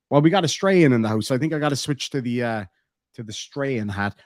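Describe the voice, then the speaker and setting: A man's voice: medium pitch, lively intonation, fast, no echo, studio quality. A young Irish man streaming and chatting casually, reading out comments from live chat and swearing freely along the way.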